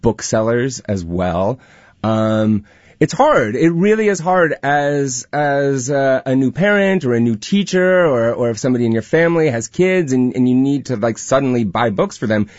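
A man's voice: mid-range voice, lively intonation, moderate pace, darkish tone, no room sound. A man speaking as a radio studio guest, earnest and thoughtful as he restarts his phrases. His voice sounds dry and a little dull, with the room adding nothing. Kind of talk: casual radio chat.

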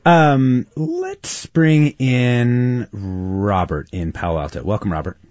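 A man's voice: medium pitch, very animated, takes it slowly, a little mellow, no room sound, muffled recording. A man hosting a call-in radio show, welcoming callers and responding briefly and hesitantly. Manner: friendly, brief acknowledgments, hesitant. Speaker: radio host.

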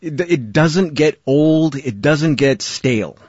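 A middle-aged man with a slightly husky voice asks earnest questions, sometimes groping for words. The sound is dry, with no room around it, and a little dull and lo-fi. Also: fairly high pitch, animated, takes it slowly, darkish tone, dry recording. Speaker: interviewer. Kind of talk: interview questions.

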